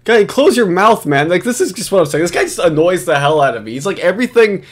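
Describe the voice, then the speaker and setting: A man's voice: sits high, very animated, fast talker. A man giving casual, profane commentary on a video, rambling and sarcastic with frequent restarts.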